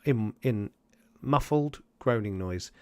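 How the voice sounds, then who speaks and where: A man's voice: fairly low pitch, slow, darkish tone, no room sound. A man running a tabletop game as game master, narrating loosely and acting out side characters as he goes.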